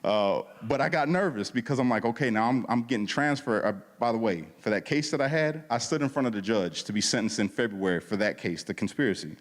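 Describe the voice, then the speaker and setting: A guest speaker at a church service gives a casual, slangy testimony in a medium-pitched voice with lively intonation, a little fast and with few pauses. He tells his story with plenty of animation, acting out the dialogue, and the church hall lends a long reverb.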